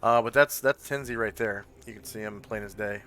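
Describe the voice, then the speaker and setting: A man's voice: on the low side, brisk, a bit bright. A man narrating a tabletop game as game master, hesitant and full of fillers.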